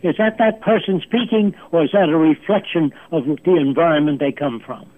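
Over a tinny phone line, a guest in his nineties answers interview questions like a lecture, emphatic and pressing his case with rhetorical questions. His voice is fairly high at a normal speed, with no room sound.

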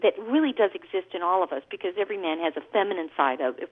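A woman's voice: on the low side, expressive, rapid-fire. A woman singer and guest, talking in a chatty storytelling way during a radio interview by phone. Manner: chatty, warm storytelling with laughs. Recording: tinny phone line.

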